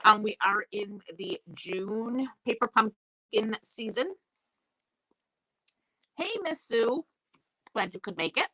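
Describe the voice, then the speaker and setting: Woman, crackly sore-throated voice, bright tone, dry close sound, chatty live craft host. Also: mid-range voice, animated, slow, long pauses, dry recording. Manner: chatty, greets viewers by name. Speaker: stamping class host. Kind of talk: live-streamed craft class chat. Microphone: new desk mic.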